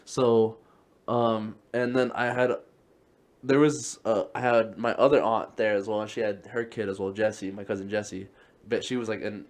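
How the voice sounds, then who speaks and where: A man's voice: lowish voice, flat delivery, moderate pace. Young man rambling through a story. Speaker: podcast co-host. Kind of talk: casual storytelling.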